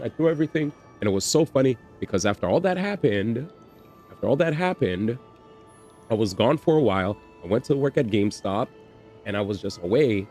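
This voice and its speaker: A man hosting a livestream, telling a story in an animated, slangy way with swearing and repetition. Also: mid-range voice, brisk, soft background music. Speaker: livestream host. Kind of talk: casual storytelling on stream.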